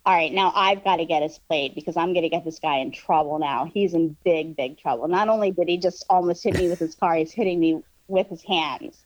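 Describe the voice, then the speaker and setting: A woman telling a story in casual chat, animated and full of fillers, swearing freely. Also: on the low side, fairly quick, hardly any pauses, muffled recording. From New York. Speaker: guest storyteller.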